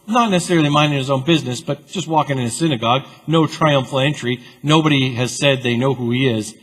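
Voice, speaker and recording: A man preaching a sermon as pastor, with a conversational, animated storytelling style full of asides. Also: medium pitch, slightly rough. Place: church sanctuary. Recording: long church reverb.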